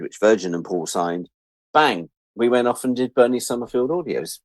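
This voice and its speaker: Lively middle-aged male storyteller. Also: medium pitch, moderate pace, dry recording. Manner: animated, acts out quoted voices. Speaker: guest. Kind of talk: casual interview storytelling.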